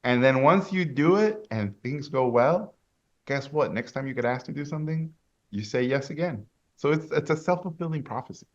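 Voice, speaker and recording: Animated, lo-fi man from Mexico. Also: mid-range voice, moderate pace. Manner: animated, enthusiastic storyteller with big swings in loudness. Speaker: guest animator and director. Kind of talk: storytelling interview answer.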